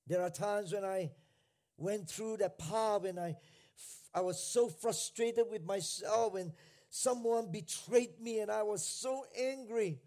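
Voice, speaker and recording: A male pastor preaching a sermon, repeating phrases for emphasis and swinging between hushed lines and shouted ones. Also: high voice, slow pace.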